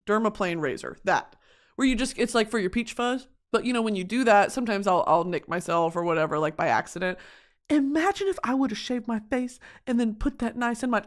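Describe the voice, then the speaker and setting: A young woman talks straight to her audience in an unfiltered vlog rant. Her voice sits a little high and swings wildly, from low mutters up to theatrical shrieks. She is profane and dramatic and slips into comic voices. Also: animated, brisk. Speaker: vlogger. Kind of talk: casual confessional vlog rant.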